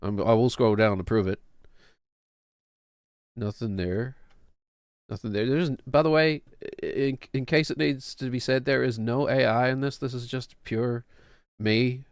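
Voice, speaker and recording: A man's voice: mid-range voice, fairly even intonation, unhurried, long pauses, clean tone, no room sound. A man near forty talks through his home music setup, rambling, joking at his own expense and laughing as he goes. His voice sits in a middle register, close and dry on the mic with no room sound. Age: late 30s. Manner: chatty, self-deprecating, laughs often. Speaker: streamer and home music producer. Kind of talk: casual rambling explanation.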